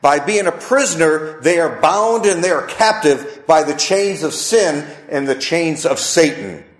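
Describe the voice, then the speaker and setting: Pastor, male, fairly high voice, lively sermon delivery, echoey room. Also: a little slow. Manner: animated preaching with wide pitch swings.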